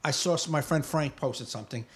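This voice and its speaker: A man with a somewhat high voice co-hosting a podcast. He speaks bluntly in casual chat and rants freely with heavy swearing. He keeps backing up his co-host with quick "yeah, right" replies. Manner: blunt, profane ranting; frequent short agreement replies.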